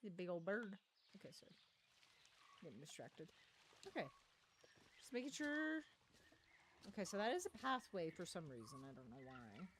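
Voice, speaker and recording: A woman giving chatty let's play commentary, thinking aloud with excitable little exclamations. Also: lowish voice, moderate pace, pauses often, a little hiss or hum. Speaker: gaming streamer.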